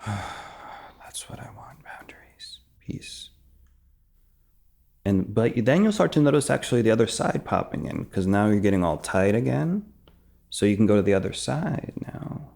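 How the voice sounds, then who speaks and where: Deep gravelly man, calm teacher. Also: brisk. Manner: soft, drifts into whispered examples. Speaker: meditation teacher. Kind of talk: calm spoken guidance.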